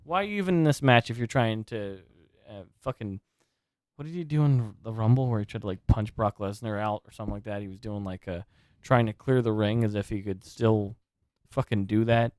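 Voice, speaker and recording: A man's voice: lowish voice, a little fast, no room sound, clean studio sound. Swearing man ranting in casual chat. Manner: rambling, swears a lot, rants. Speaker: podcast co-host.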